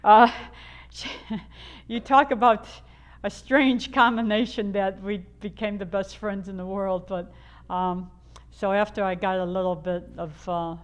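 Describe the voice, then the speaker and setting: An older woman from the Chicago area, USA, tells her own life story candidly and in a rambling way, full of fillers and restarts. Her mid-range voice is unhurried with a flat delivery.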